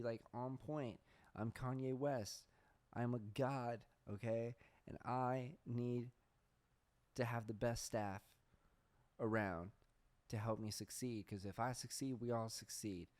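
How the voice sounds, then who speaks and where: A man's voice: mid-range voice, darkish tone, close to an everyday voice. A man putting on a grandiose rapper boss lecturing his staff. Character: bad impression of a famous male rapper, grandiose.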